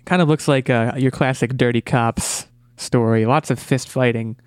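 A man's voice: medium pitch, steady tone, moderate pace, clear, resonant tone, no room sound. Guy hosting a movie podcast, trips over his words a lot, dry close sound. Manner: eager, stumbles and repeats words. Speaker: podcast host. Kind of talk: casual podcast movie chat.

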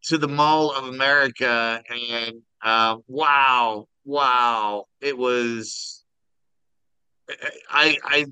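Man in his forties, from Kansas, wry rambling podcast chat, bright clear voice, dry sound. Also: mid-range voice, steady tone, extremely slow, no room sound, poor audio. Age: 40s. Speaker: podcast co-host. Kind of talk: casual chat. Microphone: video call.

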